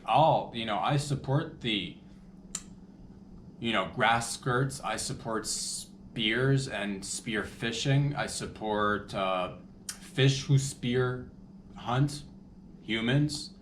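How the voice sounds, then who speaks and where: A man's voice: lowish voice, a bit bright, echoey room, slight background noise. A man hosting a comedy podcast, rambling loosely with crude jokes and asides. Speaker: podcast host.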